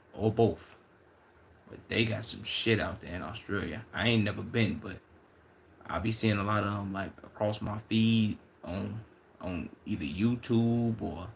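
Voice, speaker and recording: Young dude streaming, low gravelly voice, swearing and hyped, lots of restarts. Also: male voice, a little hiss or hum. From Chicago. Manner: loose, profane, excitable banter with repeated restarts. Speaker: livestreamer reading chat. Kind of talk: casual livestream chat.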